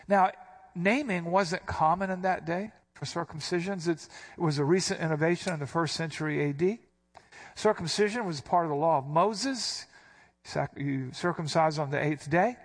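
A man preaching a sermon, walking his listeners through scripture verse by verse. His voice sits a touch higher than most men's, and he leans hard on key phrases as he explains word meanings. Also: normal speed. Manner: teaching, emphatic, explains Greek words. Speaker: pastor.

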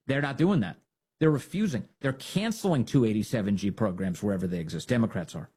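A male talk-show host with a husky, slightly rough voice, his pitch swinging widely as he mocks his opponents. He talks in a sarcastic, opinionated monologue and keeps slipping into exaggerated impressions of the people he criticizes. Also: expressive, fast, darkish tone. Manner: sarcastic, mocking, acts out quoted voices. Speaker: political commentary host.

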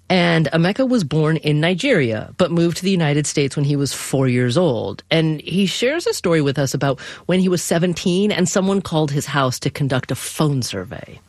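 A radio talk show host speaks with engaged, emphatic reflection. The voice sits at middling pitch and is recorded dry and close. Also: no echo. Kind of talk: interviewing, conversational.

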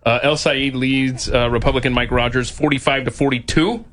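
A man's voice: mid-range voice, fairly even intonation, normal speed, fairly bright tone, a little hiss or hum. Mocking male co-host, mid voice. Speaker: show co-host. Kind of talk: casual chat.

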